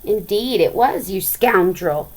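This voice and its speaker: A woman voicing a boastful, hot-tempered farmer man, speaking his lines loudly and indignantly in a read-aloud storybook. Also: mid-range voice, lively intonation, takes it slowly, poor audio. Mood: angry. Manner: loud and indignant.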